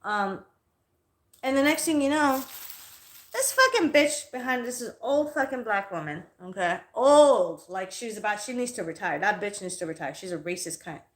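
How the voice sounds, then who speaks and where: A woman's voice: medium pitch, very animated, moderate pace. A woman hosting a live stream and telling an angry story in a heated, profane rant. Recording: echoey room.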